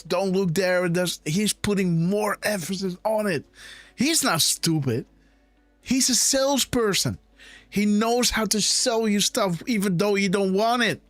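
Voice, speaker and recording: The voice is high and a bit bright, recorded with no room sound. It belongs to a man hosting a live political decode show who presses his audience with rhetorical questions, often addressing them directly with "guys" and "right?".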